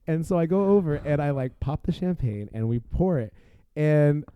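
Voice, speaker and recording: A man's voice: fairly high pitch, moderate pace, clean tone. A man telling a wild party story as a podcast guest. He talks casually with lots of fillers and breaks into laughter. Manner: animated, laughing, filler-heavy.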